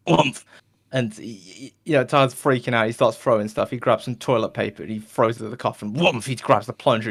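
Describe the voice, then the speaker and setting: A man with a gravelly, creaky voice at an ordinary pitch tells a long shaggy-dog joke on a podcast. He rambles, keeps asking "right?", and makes whooshing noises for the story. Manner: tags lines with "right?", restarts often, makes whooshing sound effects.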